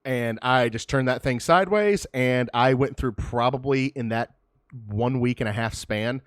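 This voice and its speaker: A man's voice: mid-range voice, measured pace, dry recording, studio quality. A young man co-hosting a podcast, telling rambling, self-deprecating road stories in casual chat. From Michigan. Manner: rambling storyteller, self-deprecating, laughs often. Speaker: podcast co-host.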